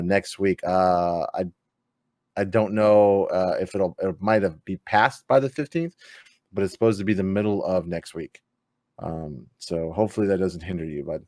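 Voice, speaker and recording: A man hosts a live gaming stream in casual chat. His voice sits fairly low, and the sound is close and dry with no room behind it. He rambles freely, full of fillers and the occasional swear. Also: a little mellow, dry recording. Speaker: podcast host.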